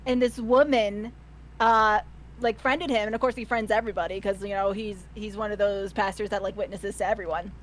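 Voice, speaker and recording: A woman's voice: medium pitch, fairly even intonation, fairly quick. A woman telling a story in casual chat, rambling with many fillers and giggling. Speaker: guest.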